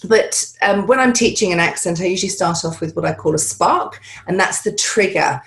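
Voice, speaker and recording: A woman's voice: lowish voice, moderate pace, vocal fry, a bit bright. A woman working as an accent and dialect coach, answering interview questions in a chatty, rambling way with many fillers, speaking over a video call from home.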